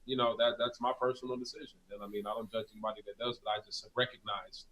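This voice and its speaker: A man being interviewed in a relaxed chat, talking emphatically and repeating his key points. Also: on the low side, fast, low-quality recording. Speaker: guest. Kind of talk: casual interview talk.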